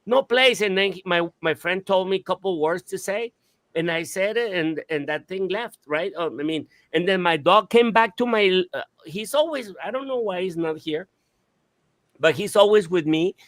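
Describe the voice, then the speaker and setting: High-voiced man telling an animated story. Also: moderate pace. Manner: animated, swearing, restarts and mimicked sounds. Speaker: radio show host. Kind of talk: casual storytelling on a talk show.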